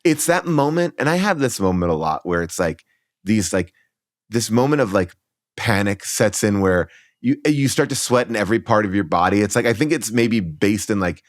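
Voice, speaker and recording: Animated man telling a comic story. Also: on the low side, normal speed, no room sound, clean studio sound. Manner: animated, lots of fillers and restarts, acts out his own past lines. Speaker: podcast guest.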